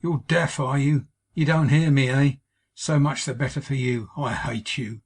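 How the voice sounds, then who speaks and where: Sneering drunken husband as a man reads him, snarling, husky, audiobook. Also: mid-range voice, normal speed. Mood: contemptuous. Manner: snarling, contemptuous. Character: drunken cruel young husband, sneering and bullying. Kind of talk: audiobook character voice.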